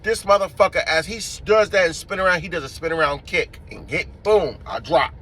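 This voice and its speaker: A man telling a street-fight story in a casual, profane, animated way, acting out the scenes as he goes. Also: high-pitched, a little fast.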